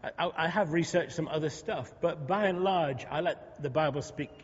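A man's voice: a little high, moderate pace, husky. A man preaching a sermon, talking conversationally with humorous asides to the congregation. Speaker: pastor. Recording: dull lo-fi sound in a reverberant hall.

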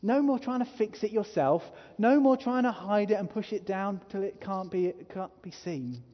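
Speaking in a high voice with lively intonation and a moderate pace, a pastor delivers a sermon in a church hall. He's earnest, becoming emphatic as he presses his listeners, and muffled hall reverb colors the recording.

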